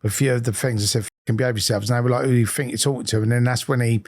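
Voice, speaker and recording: A man's voice: medium pitch, steady tone, racing, a little mellow. A man hosting a podcast interview, mostly giving short agreements and telling a brief anecdote. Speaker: podcast host. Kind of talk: casual interview chat.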